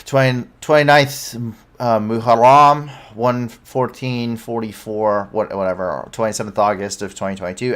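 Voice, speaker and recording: A man's voice: medium pitch, steady tone, normal speed, a bit bright. A man hosting a live news show, giving commentary with frequent self-corrections and blunt, incredulous asides.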